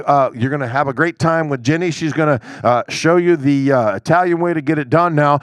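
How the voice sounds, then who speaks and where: A man working as a charity auctioneer, calling bids in a rapid rhythmic chant with slower chatty asides. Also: fairly high pitch, clear, resonant tone, no echo.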